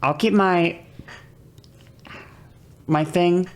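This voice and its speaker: A woman streaming live, explaining voice technique to her chat in a loose, casual way. Her voice sits low for a woman. She rambles, restarts her sentences and keeps apologizing. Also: extremely slow.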